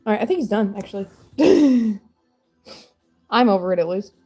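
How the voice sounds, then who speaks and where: A woman in her thirties talks casually as she crafts on a live stream. Her voice is mellow and relaxed, and she rambles and laughs often. Faint music plays quietly in the background. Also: mid-range voice, normal speed, slightly rough. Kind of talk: casual chat while crafting.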